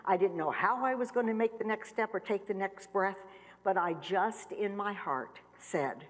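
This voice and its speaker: A middle-aged woman giving an earnest personal testimony, repeating phrases for emphasis and dropping to hushed tones. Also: mid-range voice, moderate pace. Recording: long reverb of a large hall.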